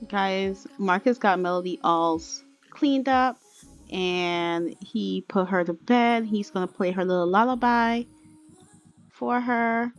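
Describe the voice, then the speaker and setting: A woman's voice: medium pitch, slow. A woman hosting a game let's play, narrating in a chatty, dramatic way straight to her viewers. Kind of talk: casual game commentary. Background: faint music.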